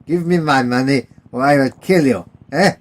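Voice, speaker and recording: A man voicing a huge, drunk, belligerent German soldier who shouts threats. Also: mid-range voice, animated, moderate pace, slightly rough. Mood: drunk menacing. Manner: loud, threatening, slurring drunk.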